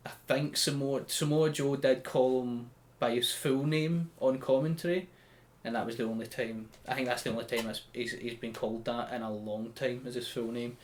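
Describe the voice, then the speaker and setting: A man's voice: mid-range voice, fairly even intonation, moderate pace, few pauses, slight background noise. A man with a Scottish accent hosting a podcast, recapping a show in a chatty, joking way. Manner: chatty, loose and joking, with many restarts. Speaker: podcast host.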